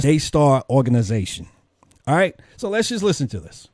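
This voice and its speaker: A man's voice: medium pitch, very animated, moderate pace, darkish tone, dry recording. A man hosting a commentary channel, questioning and preachy as he weighs in from a faith view. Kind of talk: religious commentary.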